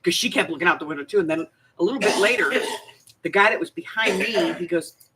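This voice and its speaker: A middle-aged woman hosting a craft livestream from her home desk, chatting casually and telling animated stories with frequent laughter. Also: lowish voice, fairly quick, background noise. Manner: animated storyteller, laughs often. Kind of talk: casual chat while crafting.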